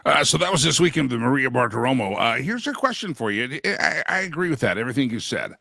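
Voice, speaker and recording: A man's voice: sing-song, quick pace, creaky, sharp tone, dry recording, studio quality. A man hosting a live political talk show, rambling and jokey, with many fillers and restarts. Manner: jokey, swings in pitch for emphasis.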